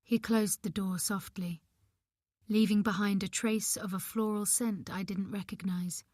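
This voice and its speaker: A woman's voice: medium pitch, fairly even intonation, unhurried, a little mellow, no room sound, studio quality. A woman narrating a domestic thriller in the first person, with a tense, emotional delivery. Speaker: audiobook narrator.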